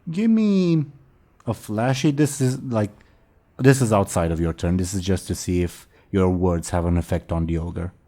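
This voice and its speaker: A man running a tabletop role-playing game as game master, talking in a relaxed way with hesitant fillers. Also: low voice, moderate pace.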